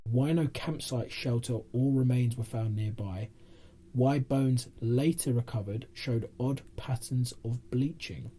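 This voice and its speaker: A man's voice: mid-range voice, a little slow, mellow, breathy edge. A man co-hosting a paranormal podcast, reading out a case in a rambling casual way, often laughing. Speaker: podcast co-host.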